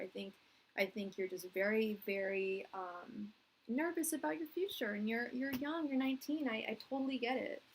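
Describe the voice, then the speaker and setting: A woman's voice: a little high, moderate pace, low-quality recording. This is a woman in her thirties doing a live tarot reading in a rambling, earnest way. She restarts her sentences and fills them with "like" while she talks to viewers. A faint background noise sits under her voice. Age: 30s. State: tearing up. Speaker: tarot reader.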